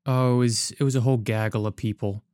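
A young man chatting casually and rambling sleepily through his story. His voice sits at an ordinary middle pitch. It is recorded dry and close, with no room sound. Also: fairly even intonation, fast, darkish tone, no echo. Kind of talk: casual chat.

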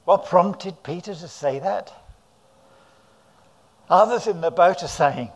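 An English preacher delivers his sermon at an unhurried pace. His voice sits a little high for a man, and he acts out the characters' words as he goes. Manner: dramatic storytelling, voices the disciples' cries.

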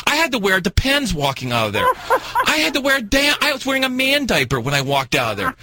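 Excitable male radio talk host. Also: very high-pitched, fast. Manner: animated, exaggerated, theatrical cries of alarm. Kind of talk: comic storytelling on talk radio. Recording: radio studio mic.

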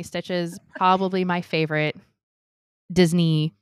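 A young adult woman co-hosting a casual podcast, chatty and animated, telling stories with quoted voices. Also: lowish voice, unhurried, smooth, dry recording. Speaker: podcast co-host. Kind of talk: casual chat.

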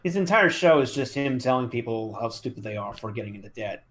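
A man's voice: mid-range voice, lively intonation, a little fast. A man co-hosting a podcast in casual chat, with dry, sardonic remarks. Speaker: podcast co-host.

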